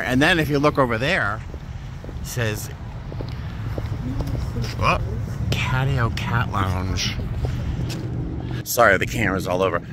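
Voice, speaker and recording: A man chatting casually to the camera as a travel vlogger, thinking aloud and gushing when excited. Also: mid-range voice, slight background noise. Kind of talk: casual vlog chat to camera.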